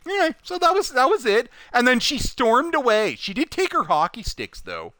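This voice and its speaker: A man casually telling an anecdote from his job, animated and full of "like", laughing as he goes. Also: very high-pitched, moderate pace, few pauses, dry recording. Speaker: recycling plant worker telling a story.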